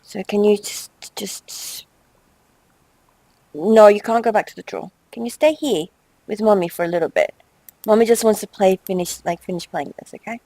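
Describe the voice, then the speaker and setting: A young woman hosting a game let's play, chatting with quick exasperated asides and reading game text aloud. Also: mid-range voice, darkish tone, no room sound, rough recording.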